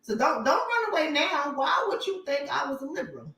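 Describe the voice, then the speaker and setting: Blunt woman host, lively high voice, echoey room. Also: brisk. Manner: blunt, profane, emphatic. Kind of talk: livestream commentary.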